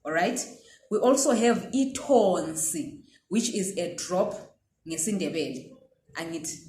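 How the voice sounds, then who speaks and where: A woman's voice: lowish voice, lively intonation, a little slow, a little mellow, echoey room. A woman teaching pronunciation, patiently checking in with her listeners as she goes. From Zimbabwe. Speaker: language teacher. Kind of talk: pronunciation lesson.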